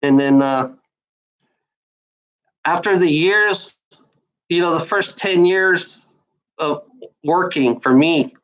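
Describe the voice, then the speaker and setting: A vlogger in her forties offers life advice in a loose, casual monologue spoken straight to the listener, rambling, restarting, repeating phrases and swearing constantly. She sounds bitter and worn out. Her voice is deep and slow with frequent pauses, and the recording is rough.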